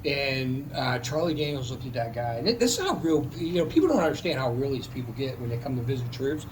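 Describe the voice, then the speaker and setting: A man's voice: medium pitch, lively intonation, quick pace, background noise. A man, a military veteran, telling a personal story in a casual, heartfelt, rambling way, with many restarts.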